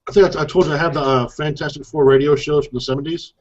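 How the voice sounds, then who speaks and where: A man's voice: a little high, fairly even intonation, quick pace, lo-fi sound. A man co-hosting a casual live chat over an online call, chatty and loose, with lots of fillers. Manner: chatty, laughs often, many fillers. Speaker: co-host of a live chat show.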